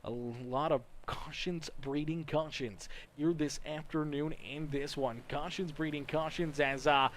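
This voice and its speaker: Excitable male play-by-play race commentator. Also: fairly high pitch, measured pace, hardly any pauses, slight background noise. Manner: excitable lead calls, rising loud on passes and flags; chatty aside reading viewer comments. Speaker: race commentator for a sim racing league stream.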